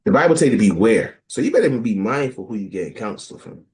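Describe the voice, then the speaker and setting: A man's voice: lowish voice, fast talker. A man, talking casually and animatedly about scripture as a podcast co-host, joking and mimicking people. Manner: animated, jokey, mimics people in quoted voices. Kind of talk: casual group talk on scripture.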